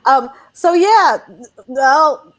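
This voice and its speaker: High-voiced, unhurried laughing woman host. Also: expressive, rough recording. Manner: laughing, agreeable, steers the talk. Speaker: podcast host. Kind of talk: casual comedic chat.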